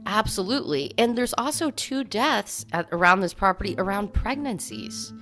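A woman's voice: medium pitch, animated, moderate pace, fairly bright tone, soft background music. A woman co-hosting a podcast, casually recounting haunting stories with lots of "like" fillers. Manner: conversational storytelling, many "like" fillers. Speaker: podcast co-host. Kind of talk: casual chat about hauntings.

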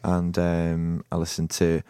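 Very deep-voiced man chatting on radio. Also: completely flat delivery, slow, mellow, clean tone, dry recording, clean studio sound. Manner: chatty, rambling with many restarts and laughs. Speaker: radio show host. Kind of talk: casual chat.

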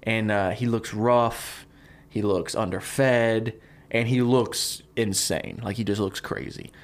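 Rambling man pitching, laughing a lot. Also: steady tone, slow pace. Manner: rambling, laughing, many fillers. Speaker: podcast co-host pitching a movie idea. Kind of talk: casual chat.

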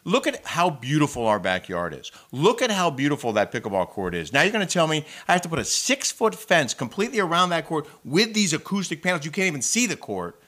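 Lively, animated man telling a story. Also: fairly high pitch, fairly quick, few pauses. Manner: animated storytelling, building up indignation. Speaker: show co-host. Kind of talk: casual chat.

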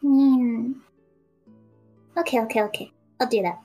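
A woman player chats playfully through a tabletop game. Her voice is high and her delivery slow, with faint music behind her. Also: warm tone. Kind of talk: casual in-character play.

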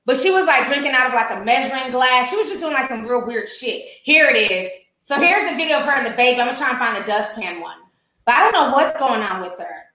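A woman riffs on a viral clip for her channel, gossipy and animated, breaking into laughs and swearing freely. Her voice is high and bright. The room behind her is very echoey. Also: quick pace. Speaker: commentary vlogger. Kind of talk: casual commentary chat.

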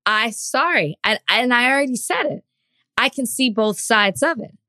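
A woman co-hosting a podcast, giving her opinions in a measured, deliberate way. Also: on the high side, expressive, pushed and bright, no room sound, clean studio sound. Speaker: podcast co-host. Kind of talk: casual podcast discussion.

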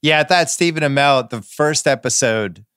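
A man's voice: on the high side, moderate pace, fairly bright tone, smooth, dry recording, studio quality. A man hosting a podcast, chatting casually, enthusiastic and blunt, swearing now and then. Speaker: podcast host. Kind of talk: casual chat.

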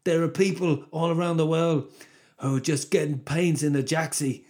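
A man's voice: on the high side, flat delivery, moderate pace, voice pushed up, natural voice. A man doing an impression of a famous charity campaigner, impatient and swearing as he demands money. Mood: hectoring. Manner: shouty, swearing, hectoring.

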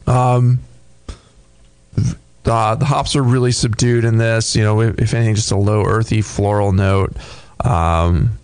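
A man co-hosting a beer podcast, casually describing a tasting in a thoughtful, halting way with many fillers. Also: fairly low pitch, fairly even intonation, darkish tone, smooth, no room sound. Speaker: podcast co-host reviewing beer.

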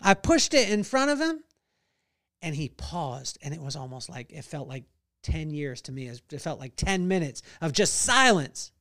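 Middle-aged male podcast host, lively storyteller who acts out voices; high, smooth tone. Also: normal speed. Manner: animated storyteller acting out voices and singing. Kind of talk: storytelling devotional talk.

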